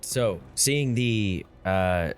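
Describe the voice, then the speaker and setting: A man's voice: lowish voice, very slow, a little hiss or hum. A man playing a tabletop game, describing his character's actions in an easygoing, hesitant way. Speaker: player.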